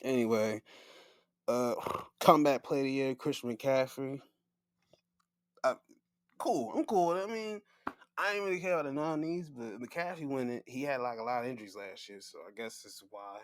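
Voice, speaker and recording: A man hosting casual solo sports talk, animated and laughing, full of slang and profanity. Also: mid-range voice, normal speed, long pauses, dry recording. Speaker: podcast host.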